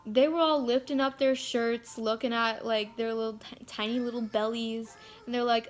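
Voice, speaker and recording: A woman's voice: on the high side, steady tone, moderate pace, few pauses, faint music behind. A teenage girl vlogging to her phone camera, chatty and frank, swearing freely and filling her talk with "like". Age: teens. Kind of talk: casual rant to camera.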